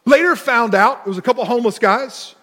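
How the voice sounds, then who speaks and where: High-voiced male pastor preaching in a reverberant church. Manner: storytelling, slows and pushes hard on key words. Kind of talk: sermon. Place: church sanctuary. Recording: long hall reverb with soft music.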